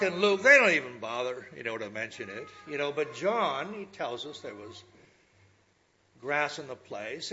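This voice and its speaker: A man preaching a sermon, talking to his listeners in a slow, lively way with asides. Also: medium pitch, highs cut off.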